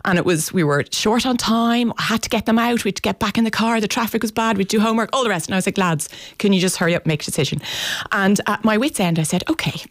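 An Irish woman in her forties, a parenting writer, telling lively stories as a guest on a radio chat show. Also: mid-range voice, quick pace, hardly any pauses, no room sound, studio quality. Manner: animated, anecdotal, laughing storyteller.

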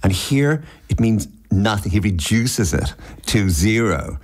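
Low-voiced man musing on words. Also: big pitch swings, unhurried, darkish tone. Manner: musing, restarts phrases, plays with words. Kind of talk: literary discussion.

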